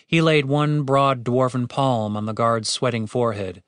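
A man narrating a comedic fantasy story with expressive, animated storytelling. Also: medium pitch, normal speed, clean tone, no room sound, clean studio sound.

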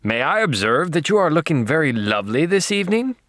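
A man putting on a pompous, overly formal aristocratic gentleman's voice in an audiobook. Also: a little high, big pitch swings, fairly quick, no room sound, clean studio sound, pitched above the performer's own voice.

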